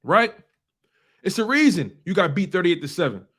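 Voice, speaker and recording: A man hosting a sports talk show, ranting in a casual, animated way and repeating phrases for emphasis. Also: high voice, moderate pace, breathy edge.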